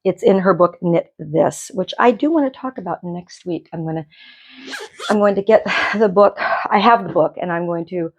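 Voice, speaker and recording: A woman's voice: on the low side, vocal fry, darkish tone. A woman hosting a knitting podcast, chatting casually from her home dye studio in a rambling way, often restarting her sentences. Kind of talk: casual chat.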